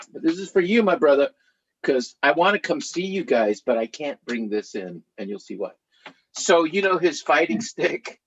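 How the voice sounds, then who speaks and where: A middle-aged man spins stories for a live audience in a husky, mid-pitched voice. He talks in a chatty, animated way. The sound is slightly dull and lo-fi. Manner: animated, chatty, laughs while telling stories. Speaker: author.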